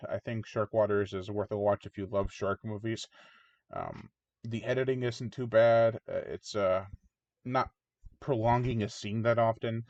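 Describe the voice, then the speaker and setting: This movie reviewer runs his own channel and talks through a film casually and at length, mimicking characters as he goes. His voice is medium in pitch, and the recording is dull, lo-fi, and dry, without echo.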